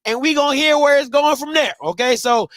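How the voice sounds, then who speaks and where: A man's voice: very high-pitched, fairly quick, no echo. A man in his thirties hosting a casual livestream from home, telling stories with lots of repetition. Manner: animated storytelling, repeats phrases. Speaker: livestream host. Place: home, snowed in.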